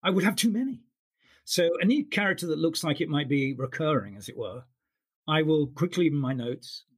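A man's voice: on the high side, animated, moderate pace, breathy edge. A man who works as an audiobook narrator, talking thoughtfully in an interview with frequent restarts. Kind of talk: interview conversation.

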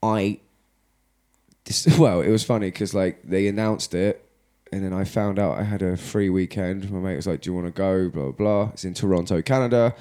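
A man's voice: low-pitched, fairly even intonation, normal speed, dark tone. A man co-hosting a podcast, chatting casually in a rambling, jokey way with some swearing. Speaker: podcast co-host. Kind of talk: casual chat.

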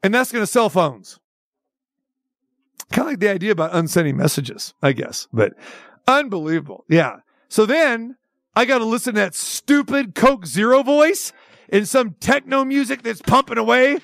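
A man's voice: very high voice, expressive, moderate pace, creaky, fairly bright tone, dry recording, studio quality. A man hosting sports radio, ranting with sarcasm and exasperation, firing off rhetorical questions. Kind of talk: opinionated sports talk rant.

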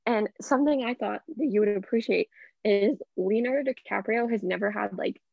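A woman's voice: medium pitch, fairly quick, creaky, dry recording, highs cut off. A young woman co-hosting a casual movie podcast, rambling with lots of "like". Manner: rambling, heavy use of "like".

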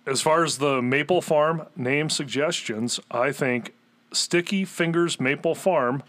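A man's voice: a little high, unhurried, a bit bright. A man co-hosting a casual podcast, reading listener emails aloud with crude jokes and frequent laughter.

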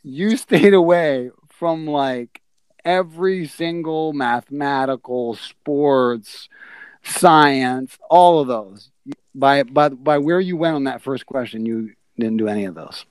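A man hosts a casual trivia podcast, drawing out his questions with halting pauses and chuckles. His voice sits at an average pitch. The recording is dry and close. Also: clear, resonant tone, no echo. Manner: laughing, halting, drawn-out question reading. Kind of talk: casual podcast quiz hosting.

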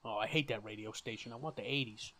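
A man's voice: fairly low pitch, pushed and bright. A man playing in a tabletop role-playing game, chatting casually and cracking playful jokes at the table. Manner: playful, wisecracking, quick to joke. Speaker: player.

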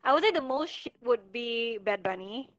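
A woman in casual chat, blunt and animated, swearing freely as she gives her opinions. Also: a little high, moderate pace, no echo. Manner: blunt, animated when mimicking others. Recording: dull lo-fi audio with faint music.

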